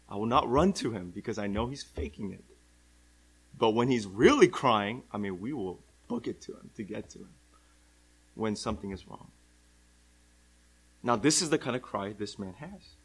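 A young adult man preaching a sermon, moving between hushed lines and loud, drawn-out cries. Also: on the high side, breathy edge, low-quality recording.

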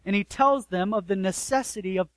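A man with a high, light voice delivers an earnest sermon in a dry, close room. He swells to loud emphasis, then drops almost to a hush, and keeps turning to his listeners with rhetorical questions. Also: fairly quick, no echo, low-quality recording. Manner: addresses listeners directly, asks rhetorical questions. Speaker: pastor.

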